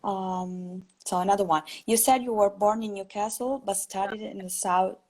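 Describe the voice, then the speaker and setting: A woman interviewer hosting a live stream, reading viewer questions aloud in a slow, hesitant way; her first language is Italian. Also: mid-range voice, steady tone, darkish tone, low-quality recording.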